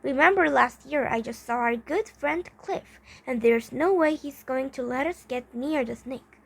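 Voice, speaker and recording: A woman's voice: sits high, measured pace, creaky, full character voice. A woman reading as a grumbling schoolboy. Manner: grumbling, muttering. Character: reluctant, grumbling schoolboy skater.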